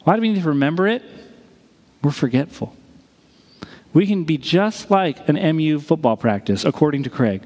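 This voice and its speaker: A man preaching a sermon as a pastor, telling a story with dramatic pauses. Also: a little high, lively intonation, a little mellow, big-room sound.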